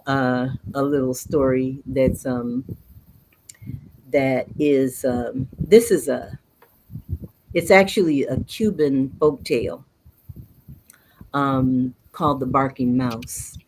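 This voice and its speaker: A woman's voice: very deep voice, steady tone, slow, long pauses, a little mellow, slight background noise, rough recording. A woman storyteller telling stories in an interview. She talks expressively and mixes Spanish words into her English. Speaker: storyteller guest.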